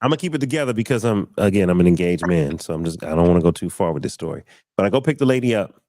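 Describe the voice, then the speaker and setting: A young man hosting a podcast, telling an animated story and acting out the voices in it. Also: low-pitched, rapid-fire, dry recording, clean studio sound. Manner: acts out voices in his stories, preachy exclamations. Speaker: podcast host.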